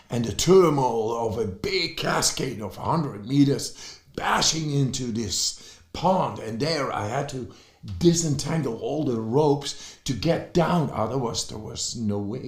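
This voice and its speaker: Guy, excited talk full of uhs and restarts, slow, roomy echo. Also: mid-range voice. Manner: excited, halting with fillers and restarts. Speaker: speaker on breathing and cold. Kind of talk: motivational talk. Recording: echoey room.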